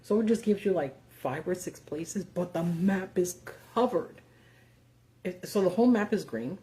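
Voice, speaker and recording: A woman's voice: lowish voice, expressive, unhurried, mellow. A woman hosting a live video, talking casually and sarcastically with lots of fillers and the odd swear word. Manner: casual and profane, sarcastic asides, many fillers. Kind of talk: casual live-stream commentary.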